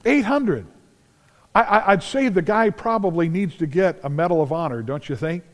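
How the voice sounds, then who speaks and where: Animated preacher in a reverberant church. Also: male voice, sits high, normal speed. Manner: animated storytelling, acts out scenes, shouts at climaxes. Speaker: pastor. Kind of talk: sermon. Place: large church sanctuary.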